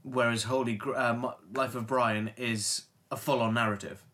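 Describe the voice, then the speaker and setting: Bright-voiced man co-hosting a podcast. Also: mid-range voice, fairly even intonation, moderate pace. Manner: chatty, banters, swears casually. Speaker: podcast co-host. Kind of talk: casual film chat.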